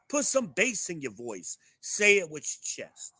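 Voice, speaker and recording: A man's voice: fairly high pitch, very animated, measured pace, few pauses, bright, forceful tone, slightly rough, no room sound. A middle-aged man hosting his own show, ranting bluntly and profanely to a live chat. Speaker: show host.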